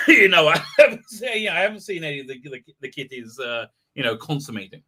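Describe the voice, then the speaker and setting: A man's voice: fairly high pitch, big pitch swings, fairly quick, pushed and bright. A middle-aged man hosting a livestream, rambling in a comic monologue with frequent giggles and fillers. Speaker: livestream host.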